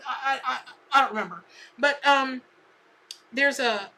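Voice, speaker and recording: A woman's voice: sits high, unhurried, pushed and bright. A woman hosting a live tarot stream, chatty and rambling as she calls viewers by name.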